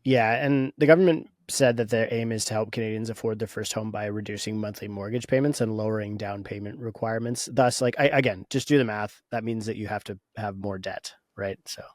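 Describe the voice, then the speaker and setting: A man in casual podcast conversation with a somewhat low voice, sharing strong opinions. He thinks aloud, often breaking off and restarting his sentences. The sound is dry and close to the mic, with no room around it. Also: fairly even intonation, fairly quick, few pauses, no echo. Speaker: podcast co-host.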